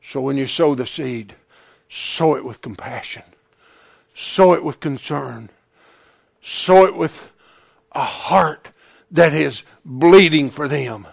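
A man preaching a sermon as pastor, rising to shouted peaks and falling to hushed, near-whispered lines, with emphatic repetition. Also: fairly high pitch, takes it slowly, gravelly, long pauses, dry recording, studio quality.

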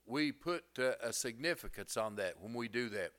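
A man's voice: mid-range voice, animated, moderate pace, a bit bright. A middle-aged male pastor preaching a sermon, folksy and plainspoken, rising to emphatic bursts.

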